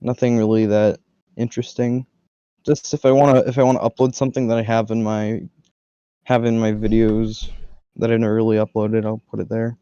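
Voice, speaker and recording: A man's voice: lowish voice, little pitch movement, fairly quick, warm tone, smooth, no room sound, dull audio. A man from Australia, a podcast guest, chatting casually and offhandedly about his channel, often repeating words as he goes. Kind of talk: casual chat.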